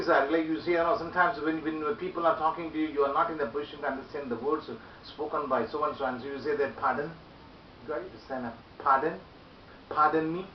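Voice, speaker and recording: A man teaching communication skills, demonstrating polite phrases again and again in a lively voice and repeating them for practice. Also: a little high. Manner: animated, repeats example phrases loudly and often. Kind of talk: spoken English lesson. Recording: echoey room, distant mic, dull hiss.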